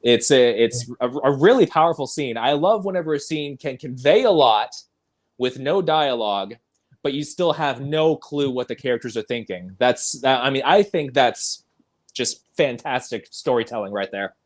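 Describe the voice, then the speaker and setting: A man's voice: mid-range voice, animated, normal speed. Enthusiastic man recapping a film. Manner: enthusiastic, recaps scenes and laughs often. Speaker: podcast host. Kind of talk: casual film discussion.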